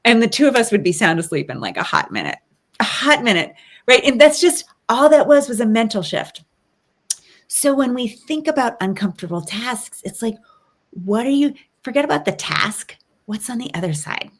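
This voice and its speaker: A woman's voice: on the high side, very animated, moderate pace. Thoughtful woman guest coaching aloud. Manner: thoughtful, coaching, many ums and rhetorical rights. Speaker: guest, resilience expert. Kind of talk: casual interview conversation.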